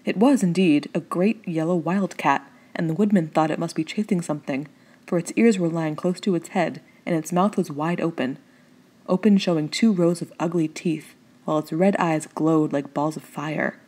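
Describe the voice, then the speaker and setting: Woman with a dark, husky voice reading a story. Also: low voice, moderate pace. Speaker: audiobook reader. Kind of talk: storybook narration.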